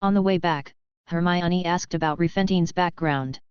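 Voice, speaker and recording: A woman narrates a fantasy audiobook in an even, steady way. Her voice is smooth and a little low. The recording is dry and dull, with a lo-fi edge. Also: normal speed, no echo. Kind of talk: scripted narration.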